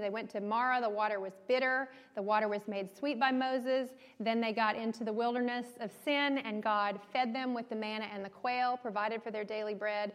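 A woman teaching through a Bible passage in a conversational way, often asking the audience questions. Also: fairly high pitch. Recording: reverberant hall.

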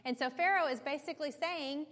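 A woman's voice: high voice, brisk, a bit bright. Woman teaching a Bible study in a hall. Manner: explanatory, conversational, checks in with listeners.

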